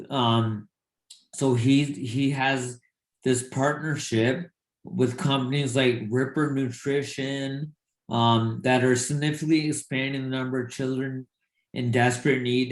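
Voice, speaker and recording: A man chatting casually about boxing as a podcast co-host. He talks haltingly, with plenty of ums and restarts. His voice sits at a middling pitch and rings in an echoey room. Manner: halting, many fillers and restarts. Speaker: podcast co-host, former boxer. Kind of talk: casual sports chat.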